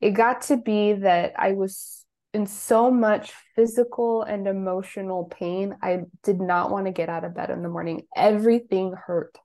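Brief: woman, 30s, interview guest, chatty storyteller who performs the voices in her anecdotes, medium pitch. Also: moderate pace. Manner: animated storyteller, lively voiced quotes, soft tender passages. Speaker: guest, psychic and life coach.

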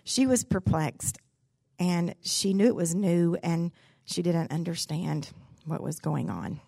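Here the pastor's wife sounds lower, gravelly, husky and mellow, speaking at a slow pace with no room sound. She's giving a sermon-style devotional, sharing stories with folksy candor and humor.

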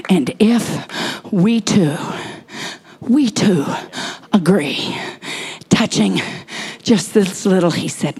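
A woman preaching a sermon, dropping into hushed whispers and then rising to urgent calls to the congregation. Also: on the low side, expressive, drawn-out words, creaky, slightly rough.

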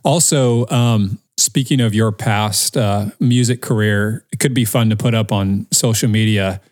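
A man's voice: lowish voice, measured pace, darkish tone. A man, a podcast co-host, chatting casually with short, easygoing remarks. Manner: easygoing, short agreeing replies. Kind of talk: casual chat.

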